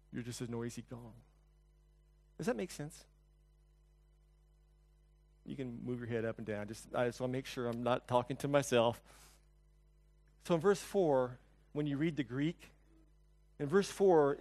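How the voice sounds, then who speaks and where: A male pastor giving a conversational sermon, telling stories, asking the congregation questions, and swinging between soft and loud. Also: mid-range voice. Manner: storytelling, asks the congregation questions.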